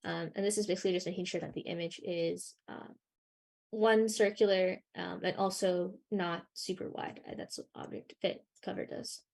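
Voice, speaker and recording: A young woman leading a live coding workshop, talking through her screen with many ums and pauses, her voice a little worn. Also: on the low side, fairly even intonation, gravelly, a little mellow. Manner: hesitant, many ums and sort ofs. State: losing her voice a bit. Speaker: workshop instructor.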